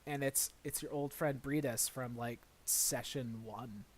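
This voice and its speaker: Here a man's mid-range voice narrates a tabletop game from the dungeon master's seat. He sounds relaxed but halting, leaning on fillers and frequently starting over.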